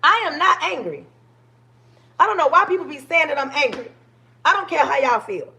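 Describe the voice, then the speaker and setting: A woman in her forties speaks with a high voice. She is streaming live into a phone camera, talking to her viewers with passion and a preachy edge. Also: expressive, normal speed, vocal fry, pushed and bright. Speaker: livestream host. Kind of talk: livestream talk.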